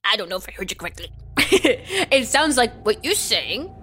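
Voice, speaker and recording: Animated, flustered woman in comedy improv. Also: fairly high pitch, moderate pace, slightly rough. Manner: flustered, animated, laughing through scenes. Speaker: podcast co-host.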